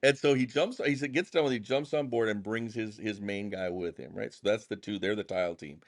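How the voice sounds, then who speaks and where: Fast-talking deep-voiced man. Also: no room sound, clean studio sound. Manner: animated, acts out dialogue in quick bursts; casual, folksy phrasing. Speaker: contractor and pastor, podcast guest. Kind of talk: casual storytelling interview.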